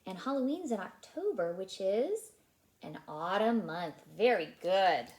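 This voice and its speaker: A woman childcare teacher reading a picture book aloud to young children, asking them questions and dropping into a hushed whisper for suspense. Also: medium pitch, unhurried. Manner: animated, asks the children questions.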